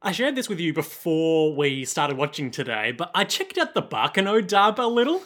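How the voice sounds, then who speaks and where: A man's voice: a little high, big pitch swings, moderate pace, a bit bright. A man co-hosting a casual recap podcast, chatty and explanatory, often laughing as he talks. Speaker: podcast co-host. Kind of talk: casual chat recapping an anime.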